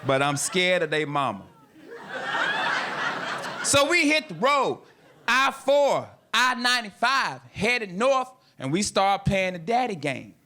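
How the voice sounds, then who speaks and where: A man's voice: high-pitched, very animated, slow, noisy background. A man from North Carolina, performing a stand-up routine with punchy storytelling aimed straight at the audience. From North Carolina, USA. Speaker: stand-up comedian.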